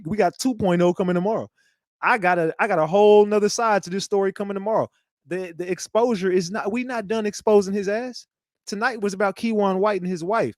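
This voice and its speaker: A man's voice: high-pitched, no echo, studio quality. A man hosting a live commentary show, talking in a rambling, profane way and repeating himself. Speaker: host.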